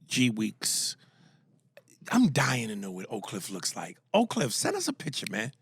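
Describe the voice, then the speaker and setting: Gravelly male podcast host, lively delivery, husky, dry mic. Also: medium pitch, unhurried, no echo. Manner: animated, reads emails aloud, jokes in voices. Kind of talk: casual podcast banter.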